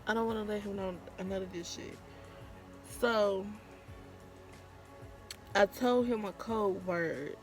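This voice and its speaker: A woman's voice: medium pitch, takes it slowly, long pauses, faint music behind. Woman with vlogging a breakup story, profane and candid. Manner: candid, profane, acts out quotes. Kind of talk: casual storytime vlog.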